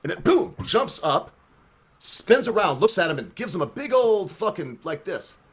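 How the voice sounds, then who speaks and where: Man, tipsy host, crude rambling joke-teller, lively pitch. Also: normal speed, husky. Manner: crude, rambling, animated storyteller. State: tipsy from drinking. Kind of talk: drunken joke-telling.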